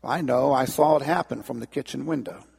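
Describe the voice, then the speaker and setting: A wise old grandmother, voiced by a preacher, calm and gently scolding. Her voice is gravelly and a little husky, with a long reverb behind it. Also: mid-range voice, a little fast, heavily acted.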